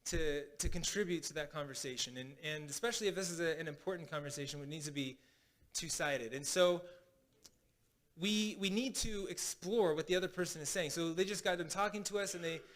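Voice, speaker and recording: A man's voice: a little high, a little fast, a bit bright. A man preaching as pastor in a casual teaching style, often restarting phrases and checking in with "right?". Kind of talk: sermon teaching. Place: congregation hall.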